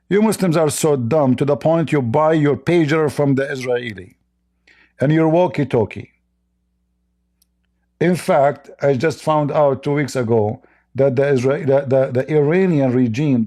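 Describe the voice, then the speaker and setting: A man's voice: medium pitch, dark tone. A man hosting a live debate stream, mocking and combative, speaking in broken English. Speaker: debate host.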